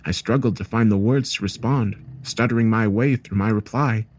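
A man reading a first-person horror story aloud in a steady, measured storytelling manner. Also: lowish voice, slight background noise. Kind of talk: scripted horror story narration.

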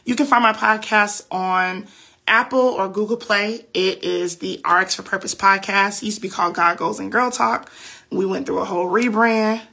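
Gravelly woman giving casual Bible teaching. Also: mid-range voice, fairly even intonation, normal speed, bright, forceful tone. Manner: chatty, preachy, loose slang. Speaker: faith podcast host.

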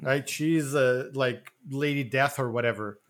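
A man's voice: mid-range voice, unhurried. A man casually chatting about a movie with friends, joking and hedging. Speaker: podcast co-host. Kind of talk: casual movie review chat.

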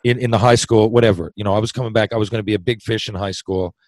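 A man with a Newfoundland accent and a fairly low voice spins a long story as a podcast guest. He rambles, doubles back on his words and drops a casual curse here and there. The sound is close and dry, with no room around it. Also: steady tone, very fast, no room sound, poor audio. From Newfoundland, Canada. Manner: rambling, self-interrupting storyteller who swears and laughs easily. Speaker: podcast guest, former hockey player.

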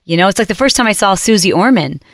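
A woman hosting a talk show, telling a story in a casual monologue and acting out other people's lines in quick put-on voices. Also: medium pitch, lively intonation. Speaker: podcast host.

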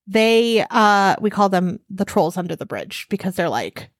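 A woman co-hosting a podcast in casual chat, wry and quick to laugh. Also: mid-range voice, big pitch swings, no room sound, clean studio sound. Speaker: podcast co-host. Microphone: desk mic.

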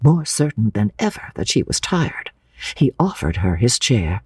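A woman narrating a classic novel in a measured, expressive dramatic reading. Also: a bass voice, husky, no room sound, studio quality.

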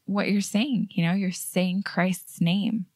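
A woman hosting a podcast who talks earnestly and chattily, her voice sitting on the lower side. The sound is dry and close, with no room around it. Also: fairly even intonation, takes it slowly, no echo. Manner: earnest, chatty, with light laughs. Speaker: podcast host. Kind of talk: casual faith podcast chat.

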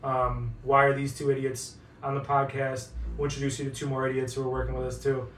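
A man from northeast Ohio co-hosting a podcast, telling stories in a lively way and swearing freely. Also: medium pitch, a little fast, a little hiss or hum. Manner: animated storyteller, swears freely. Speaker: podcast co-host. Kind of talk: casual podcast chat. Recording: roomy, distant mic.

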